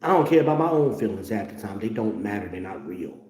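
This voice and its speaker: A man's voice: on the low side, very animated, quick pace, mellow, roomy sound. Blunt, profane middle-aged man ranting. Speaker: host. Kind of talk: ranting commentary.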